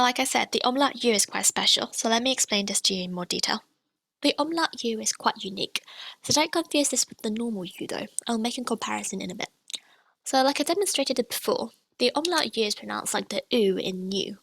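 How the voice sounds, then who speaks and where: A fairly high-pitched woman with a gravelly, creaky edge, explaining pronunciation as a language teacher. She says each example sound clearly and repeats it. The recording is dry and close, with no room echo. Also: fairly bright tone. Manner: clear, demonstrates sounds slowly and repeats them.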